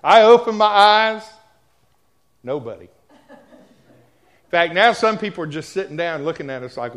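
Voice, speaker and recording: Guy preaching, higher voice, slow, tells a story to the church, goes quiet then loud. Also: expressive. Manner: storytelling, swings from hushed to loud; addresses the congregation directly. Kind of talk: sermon.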